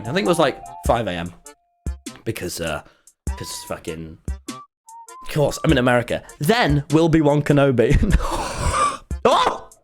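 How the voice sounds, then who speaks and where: Young man, streamer chatting to his audience, lively pitch swings, cursing, faint music underneath. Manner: animated, rambling, swears often. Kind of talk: live-stream storytelling to chat. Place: home streaming room.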